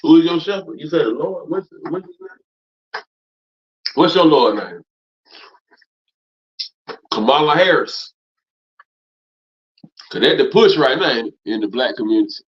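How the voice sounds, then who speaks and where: A man preaching hard in a teaching class, repeating himself, cursing, and swinging from loud outbursts down to low mutters. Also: animated, a little slow, pauses often. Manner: emphatic, repetitive, profane, swings from loud to low. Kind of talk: fiery preaching lecture. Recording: dull lo-fi recording.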